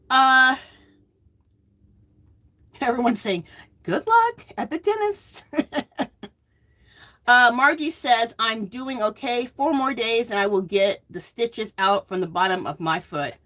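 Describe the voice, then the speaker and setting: Bright chatty woman in her fifties. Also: on the high side, animated, slow, pauses often. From US West Coast. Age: 50s. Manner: chatty, greets viewers by name, rambling asides. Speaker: livestream host. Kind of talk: casual livestream chat.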